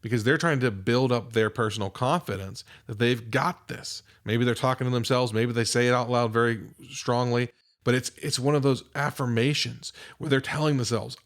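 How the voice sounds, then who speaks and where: A man's voice: medium pitch, moderate pace. A middle-aged man, a mental performance coach, explaining breathing and reset routines on a podcast in an encouraging coaching tone. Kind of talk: podcast instruction.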